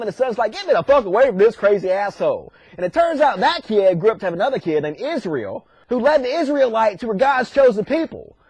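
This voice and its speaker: Sarcastic male comic narrator, very high voice, crude and mocking. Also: dry recording. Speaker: comedy commentator. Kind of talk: profane comedic retelling.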